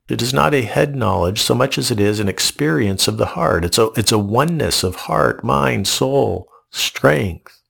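A man's voice: mid-range voice, expressive, normal speed, creaky, a bit bright, slightly rough. A male pastor giving a reflective, earnest sermon, often repeating words in short restarts.

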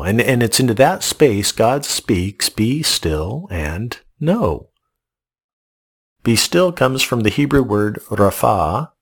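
Gravelly-voiced man giving a devotional sermon. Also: mid-range voice. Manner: measured, repetitive phrasing with frequent restarts. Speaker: pastor.

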